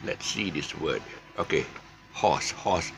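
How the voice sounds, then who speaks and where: An older man gives a casual lesson in a very low, hoarse and gravelly voice. His pitch rises and falls widely as he stumbles through fillers and restarts, and a faint room hiss sits behind him. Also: expressive. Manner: halting, many fillers and restarts, chuckles at his own jokes. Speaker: English teacher. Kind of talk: informal recorded lesson.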